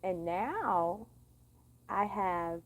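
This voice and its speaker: A woman's voice: medium pitch, expressive, very slow, poor audio. A young woman venting in a blunt, profane, sassy monologue for her vlog. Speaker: vlogger.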